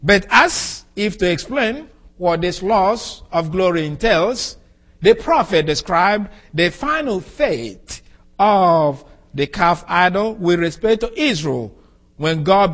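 Slow, deliberate man preaching a sermon. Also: high-pitched, lively intonation, a bit bright. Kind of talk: expository sermon.

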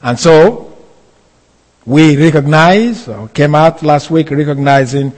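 A man delivers a Bible teaching at an unhurried, deliberate pace, his voice sitting a little high for a man. He leans on key phrases by saying them twice. His words ring out with a long reverb from the hall. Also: a little mellow. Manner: slow, deliberate, repeating key phrases for emphasis. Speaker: preacher. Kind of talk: expository sermon.

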